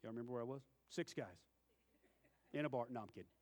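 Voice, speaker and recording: A man preaches a sermon full of folksy stories, acting out the voices of the people in them. He has a medium-pitched, slightly mellow voice and a quick pace, and the recording carries a long hall reverb.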